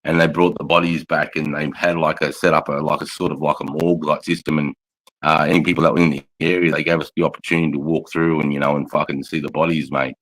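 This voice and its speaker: A man's voice: rumbling low, little pitch movement, fast, fairly bright tone, dry recording, low-quality recording. A man with an Australian accent hosting a casual livestream chat, rambling and swearing freely, calling everyone mate. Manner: rambling, heavily profane, says mate constantly. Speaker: livestream host and military veteran. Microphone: phone.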